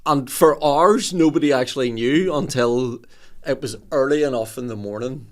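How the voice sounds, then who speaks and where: A man's voice: mid-range voice, normal speed. A man, telling a story in casual podcast chat.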